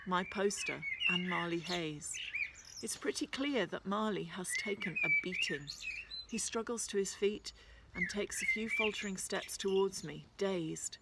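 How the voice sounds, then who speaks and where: A woman reading first-person storybook narration in a lively, expressive way. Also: mid-range voice, heavy background noise.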